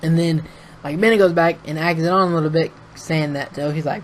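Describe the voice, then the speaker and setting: An excitable young man talks straight into his webcam, recapping a wrestling show in a loose, rambling way. He swears freely and breaks into laughter as he retells it. A faint hiss of noise sits under his voice. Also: a little high, brisk, rough recording. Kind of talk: casual recap with face cam.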